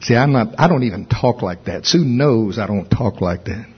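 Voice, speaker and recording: A man preaching a sermon with emphatic delivery, rising in pitch when stirred. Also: animated, normal speed, husky, dull audio. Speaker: pastor.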